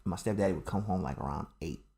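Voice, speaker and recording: On a casual podcast, a man in his thirties co-hosts and tells a story from his childhood, animatedly acting out everyone's lines. His voice is deep and quick with vocal fry, captured in a roomy recording made in a room at home.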